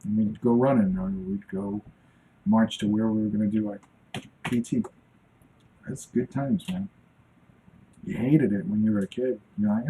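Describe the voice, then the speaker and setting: A man in his forties with a gravelly, mellow voice chats away on a live stream while he draws. His pitch swings up and down a lot as he rambles and mutters to himself about his work. The stream has a faint background noise. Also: big pitch swings, moderate pace, long pauses, poor audio. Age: 40s. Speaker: cartoonist streaming while drawing. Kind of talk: casual live-stream chat.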